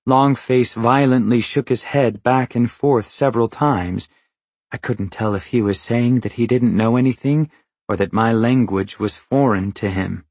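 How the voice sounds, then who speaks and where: A man narrates a novel for an audiobook in a measured, even storytelling style. His voice is mid-range and the recording is dry, as befits scripted narration.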